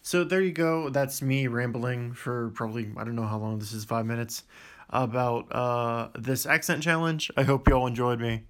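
A man's voice: medium pitch, fairly even intonation, normal speed. A man with a Western Pennsylvania accent reading a word list for an accent challenge vlog, with casual asides between words. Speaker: vlogger.

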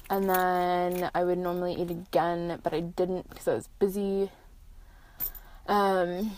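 A young woman chatting casually into her phone while driving, rambling through tangents with lots of fillers. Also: medium pitch. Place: in a car. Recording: loud car and road noise.

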